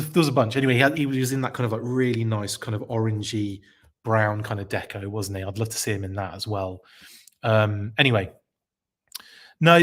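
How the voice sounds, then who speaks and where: A man's voice: on the low side, a bit bright. A man hosting a live podcast stream, reacting with enthusiasm, rambling and correcting himself as he reads out chat comments.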